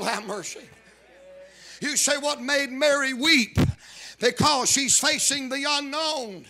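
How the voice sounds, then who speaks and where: A man preaching a sermon, repeating call-outs to the congregation and rising into shouted emphasis. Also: very high voice, slow. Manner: builds to shouted emphasis, calls out "are you listening".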